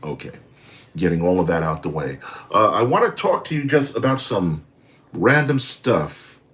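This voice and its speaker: A man's voice: sits low, normal speed. Rambling older man live streaming from home. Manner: rambling, animated, chatty with self-corrections. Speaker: caricature artist hosting a livestream. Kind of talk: casual live stream chat.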